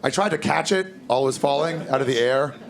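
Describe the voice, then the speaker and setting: A man in his thirties doing a stand-up comedy set on a club stage, telling crude stories in a deadpan way and breaking into loud acted outbursts. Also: medium pitch, fairly quick, vocal fry. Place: comedy club stage before a live audience. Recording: live club recording, loud laughing crowd.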